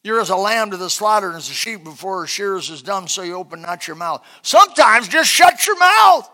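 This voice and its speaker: High, bright-voiced man preaching a sermon. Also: quick pace. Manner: dynamic preaching that swings from loud bursts to soft, quiet asides. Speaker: pastor.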